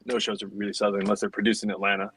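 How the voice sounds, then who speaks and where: A man's voice: on the low side, flat delivery, rapid-fire, fairly bright tone, husky, low-quality recording. A man co-hosting a casual livestream, joking and rambling with many restarts. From United States. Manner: joking, rambling, self-interrupting. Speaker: co-host.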